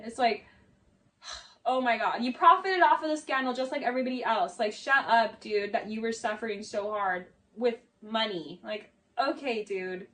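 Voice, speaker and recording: Woman commentator, high voice, chatty and sarcastic, mic set slightly away. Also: normal speed, a bit bright, far from the mic. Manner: chatty, many "like"s, mocking asides. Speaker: video essay commentator. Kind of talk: casual commentary.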